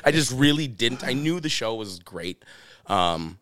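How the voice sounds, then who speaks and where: A man's voice: mid-range voice, expressive, measured pace, fairly bright tone, no echo. A man, a chef guest on a podcast, chatting casually and telling stories with many restarts and "you know"s. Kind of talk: casual interview chat.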